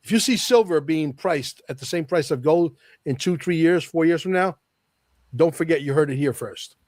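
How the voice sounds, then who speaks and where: A man with a fairly high voice talks in a casual podcast conversation, pressing his points with firm emphasis and repeating them. The sound is dry and close, with no room around it. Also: moderate pace, darkish tone, no echo. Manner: emphatic, repeats key phrases, confident predictions. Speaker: podcast guest.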